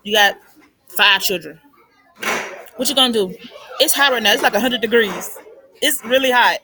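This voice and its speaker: A woman's voice: fairly high pitch, normal speed, bright, forceful tone, slightly rough. A young woman giving money advice in a casual, unscripted monologue, chatty and repetitive, with lots of "like" and "I mean.". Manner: chatty, repeats points, fillers like "like" and "I mean". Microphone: phone recording.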